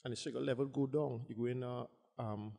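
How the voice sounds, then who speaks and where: A Trinidadian man, a bodybuilder guest, telling stories in an animated, casual way and acting out what others said. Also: mid-range voice, fairly quick, vocal fry, long reverb tail. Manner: animated, acts out quotes. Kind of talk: casual storytelling.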